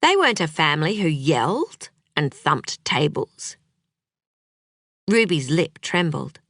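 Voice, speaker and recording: A woman reading an audiobook in a measured, unhurried way. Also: sits low, big pitch swings, a bit bright, no room sound, clean studio sound. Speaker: audiobook narrator. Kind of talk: scripted audiobook narration.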